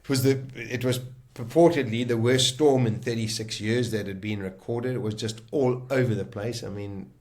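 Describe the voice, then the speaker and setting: A middle-aged man from South Africa, recounting a personal ordeal in a vivid, animated conversational way with frequent restarts. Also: medium pitch, normal speed. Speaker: guest telling his story. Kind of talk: conversational storytelling.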